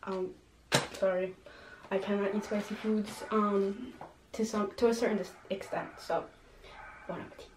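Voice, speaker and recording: A woman's voice: mid-range voice, little pitch movement, moderate pace, pauses often. A young woman from New York chatting casually while eating, full of ums and likes, her voice a little shaky from hunger. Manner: chatty, many fillers like "um" and "like". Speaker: mukbang vlogger. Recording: echoey room with faint noise.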